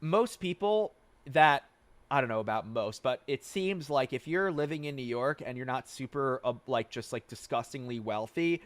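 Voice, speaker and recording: Man, twenties, livestream host, casual Q&A, animated, dry close sound. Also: medium pitch, moderate pace, no room sound. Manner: animated, swears and gets fired up. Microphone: wearing headphones, close desk mic.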